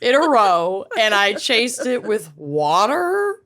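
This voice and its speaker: A woman's voice: mid-range voice, very animated, slow, a crowd in the background. A young woman co-hosting a casual podcast, joking and laughing with her friends. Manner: bubbly, joking, laughs often. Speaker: podcast co-host. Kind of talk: casual chat.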